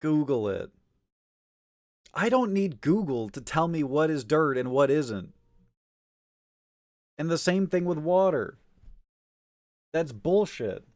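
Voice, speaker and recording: A man chats casually with his viewers during a live stream, swinging from mumbled asides to loud, exasperated rants full of swearing. He's profane and argumentative, with a fairly high voice. The audio is studio quality with no room sound.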